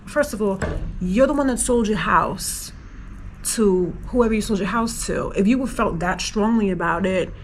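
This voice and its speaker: New woman rambling in her travel vlog, emotional, says like a lot, medium pitch, faint hiss behind. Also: unhurried, poor audio. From New York, USA. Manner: emotional, rambling, lots of "like" fillers. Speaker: travel vlogger. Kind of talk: casual personal vlog.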